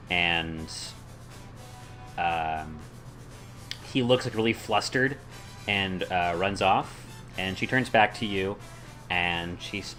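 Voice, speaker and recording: A man narrates as game master of a tabletop game, in loose speech with many fillers and sound effects. His voice is fairly low, with a bright, edgy tone.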